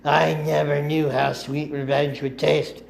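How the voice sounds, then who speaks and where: A man narrating a first-person story in a deliberate amateur reading, sometimes correcting himself. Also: a little high, flat delivery, gravelly, slight background noise. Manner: slow, deliberate reading with occasional self-corrections.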